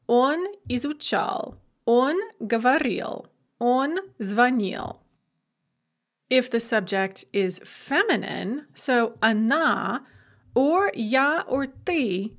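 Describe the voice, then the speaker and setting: A woman instructor records a lecture over slides. Her voice sits a little high. She explains methodically and slows down over each example word. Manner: patient, methodical explanation with slow, careful example words. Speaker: language instructor.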